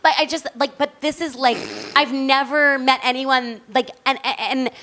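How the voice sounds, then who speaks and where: A woman chatting as an interview guest, telling long, animated, rambling stories. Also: sits high, moderate pace. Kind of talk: casual chat.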